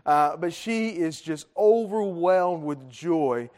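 Slow and a little mellow, this pastor's fairly high voice moves with lively intonation. Standing in the church sanctuary, he keeps his sermon conversational, joking with the congregation, asking them questions, and leaning on plenty of fillers.

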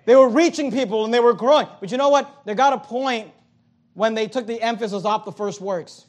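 In a church auditorium, a pastor with a very high voice preaches a sermon from the pulpit, a little fast. He is emphatic, repeating phrases in runs and swinging between loud, pressing lines and quiet ones.

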